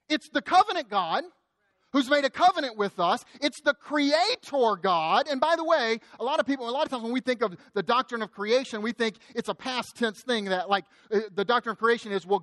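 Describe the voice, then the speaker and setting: A man preaching a sermon, conversational and anecdotal, slowing down to read scripture with emphasis. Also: very high-pitched, fairly bright tone, dry recording. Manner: anecdotal, with acted asides. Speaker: pastor.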